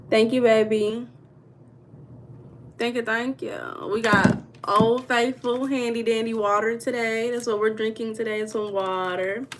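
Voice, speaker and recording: An American woman hosting a live tarot stream on her phone, talking easily to her viewers and answering their comments one by one. Her slang is loose and friendly. A faint hiss of background noise sits under her voice. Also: on the high side. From United States. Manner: chatty, reads viewer comments aloud, Southern-style slang. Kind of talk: casual livestream chat. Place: home room.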